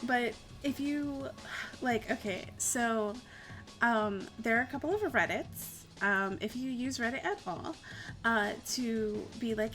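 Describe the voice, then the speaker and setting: This woman's voice is a little high and a bit bright, and she talks at a slow pace over faint music. A young adult, she's live streaming, answering viewer questions with giggly, rambling chat and plenty of swearing.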